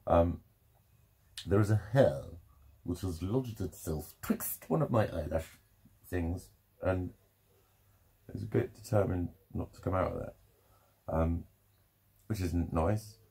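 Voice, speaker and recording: A man's voice: sits low, takes it slowly, creaky, pauses often, warm tone, slightly rough. A young man talking candidly in a rambling, sweary vlog monologue, laughing often.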